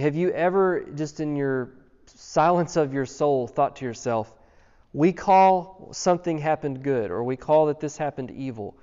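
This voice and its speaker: A man's voice: mid-range voice, darkish tone, clear, resonant tone. A man preaching a sermon, earnest and emphatic, asking his listeners one rhetorical question after another. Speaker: pastor. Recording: dull sound with long hall reverb.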